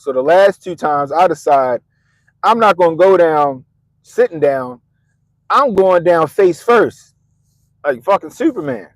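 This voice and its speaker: A middle-aged man on a podcast, telling a story in an animated, profane way and laughing at himself. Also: fairly high pitch, dry recording, poor audio. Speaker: podcast host. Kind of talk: casual storytelling.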